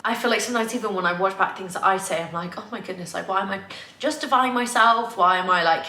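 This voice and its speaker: A woman's voice: on the low side, sharp tone. A young woman vlogging casually at home, chatty and candid, full of "like" fillers. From England. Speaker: lifestyle vlogger. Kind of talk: casual confessional vlog. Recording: echoey room, faint ambience.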